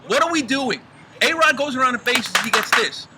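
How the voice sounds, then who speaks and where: A man's voice: very high-pitched, lively intonation, moderate pace. A middle-aged man ranting in a heated, profane casual chat, recorded outdoors in a backyard. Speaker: podcast co-host. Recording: clear outdoor background noise.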